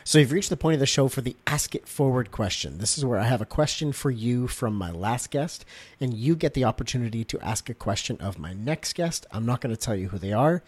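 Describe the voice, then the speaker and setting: Brief: Canadian male podcast host, average pitch, upbeat and supportive interviewer. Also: lively intonation, brisk, husky. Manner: friendly, encouraging, frequent short affirmations. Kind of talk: casual interview.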